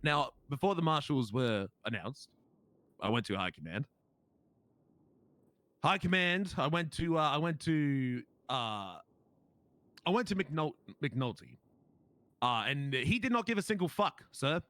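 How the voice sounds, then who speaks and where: A man's voice: a little high, very animated, unhurried, pauses often, a bit bright, no room sound. A man with an Australian accent playing a police officer in a role-play game, telling his story in an indignant, emphatic way.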